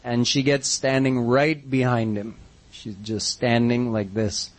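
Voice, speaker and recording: A man's voice: mid-range voice, level tone, a little slow. A man telling a devotional story as a sermon, narrating vividly and using Hindi devotional terms. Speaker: religious storyteller.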